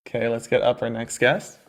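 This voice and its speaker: A man's voice: mid-range voice, creaky, noisy background. A man hosting a live-stream call-in debate, mocking and needling his guests and laughing often. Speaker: livestream debate host.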